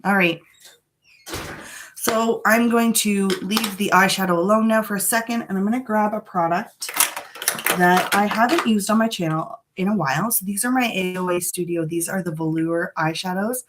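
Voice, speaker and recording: A woman's voice: mid-range voice, normal speed, noisy background. A woman chatting frankly and a little dramatically through a live makeup tutorial from her home. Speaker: beauty vlogger. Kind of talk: casual live makeup chat. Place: home room.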